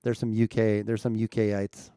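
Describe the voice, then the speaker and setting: A man's voice: on the low side, flat delivery, moderate pace, dark tone, smooth, no room sound, clean studio sound. A man chatting casually with viewers on a live stream, checking his mic and asking the chat questions as he talks. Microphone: streaming mic at home setup.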